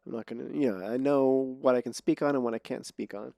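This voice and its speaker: Speaking fast in a gravelly, warm, medium-pitched voice, this man hosts a podcast in Los Angeles. The studio-quality audio has no room sound. His casual chat wanders, with sentences that trail off and start over.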